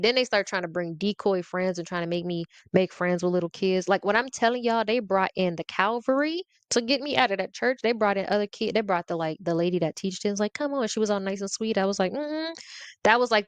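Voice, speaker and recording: A young adult woman telling a comic story as a podcast host, animated and acting out the voices, laughing often. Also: mid-range voice, clear, resonant tone, dry recording. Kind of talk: comedic storytelling rant.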